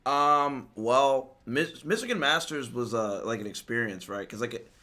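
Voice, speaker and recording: A man's voice: medium pitch, lively intonation, normal speed, sharp tone. A man of Puerto Rican background co-hosting a gaming podcast, talking in hyped, slangy banter. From Puerto Rico. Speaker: podcast co-host. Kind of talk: casual chat.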